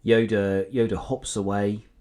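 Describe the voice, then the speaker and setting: Deep-voiced man, chatty. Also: unhurried. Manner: animated, agreeable, stammering restarts. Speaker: podcast co-host. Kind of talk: casual chat.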